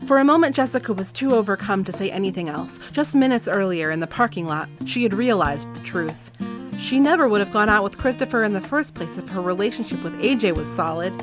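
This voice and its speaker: A woman hosting a podcast in casual chat, laughing often and reading passages aloud in animated voices. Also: medium pitch, fairly quick, over music. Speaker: podcast host.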